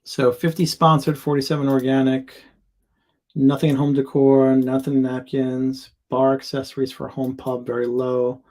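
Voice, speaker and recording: A man's voice: mid-range voice, completely flat delivery, normal speed, a little mellow. A man in a casual live stream, thinking aloud as he reviews sellers' product listings, with lots of ums and likes. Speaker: sales account executive reviewing seller listings.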